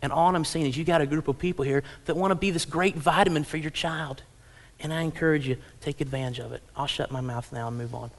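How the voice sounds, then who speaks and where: A man in his thirties preaching a sermon in a church, telling family stories and acting out parents and kids in lively little voices. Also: on the high side, fast talker. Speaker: pastor. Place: church auditorium.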